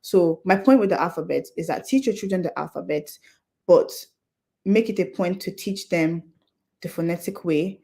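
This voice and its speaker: This young adult woman's voice is lowish and darkish, delivered at a moderate pace. Addressing a conference audience in a non-Nigerian English accent, she walks through her points one step at a time in a sincere, practical manner.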